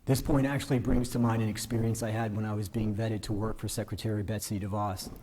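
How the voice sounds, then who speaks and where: A man giving a measured, earnest formal speech at a ceremony, modest and self-deprecating. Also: fairly low pitch, flat delivery, dark tone, slight background noise. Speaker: newly invested justice giving a speech. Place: ceremony hall.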